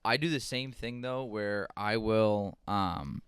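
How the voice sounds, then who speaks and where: Smooth-voiced man chatting casually. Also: lowish voice, takes it slowly, a bit bright, dry recording. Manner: laid-back, rambling storyteller. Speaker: podcast co-host. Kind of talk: casual chat.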